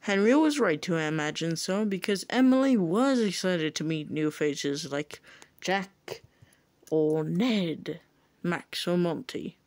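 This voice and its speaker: A woman narrating a children's engine story in an unhurried, plain storytelling voice. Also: lowish voice. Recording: loud background music.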